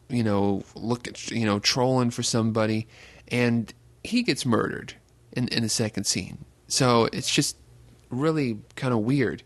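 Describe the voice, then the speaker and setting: A man's voice: mid-range voice, no echo. A man hosting a podcast, recapping a film in a rambling casual way with many fillers and restarts. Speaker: podcast host.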